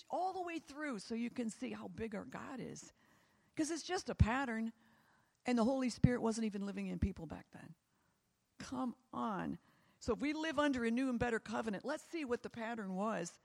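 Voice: mid-range voice, expressive, normal speed, vocal fry, big-room sound. A preacher delivering a sermon that closes in prayer, with fervent, repetitive exhortation.

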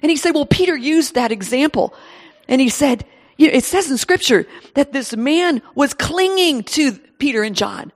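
A woman preaching a sermon to her congregation, retelling scripture with animated exclamations and acted-out voices. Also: high-pitched, normal speed.

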